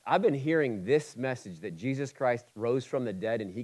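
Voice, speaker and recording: A pastor around forty, raised in Ohio, preaching with a voice of middling pitch. He swings between loud urgent emphasis and quiet, close asides. Between scripture passages his tone turns loose, chatty and humorous. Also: animated, normal speed, poor audio. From Ohio, USA. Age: 40s. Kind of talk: sermon.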